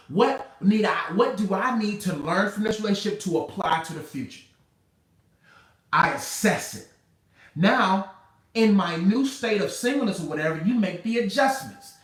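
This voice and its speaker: A man's voice: on the high side, a bit bright, distant mic. A man who is a relationship coach, giving motivational advice in an emphatic, preacher-like, conversational way and repeating key phrases. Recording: roomy sound, speaker away from the mic.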